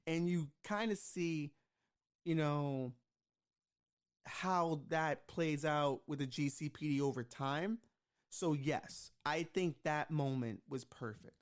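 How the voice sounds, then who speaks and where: Male podcast guest, slightly raised pitch, relaxed and agreeable. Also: takes it slowly, clear, resonant tone. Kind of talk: casual movie review chat.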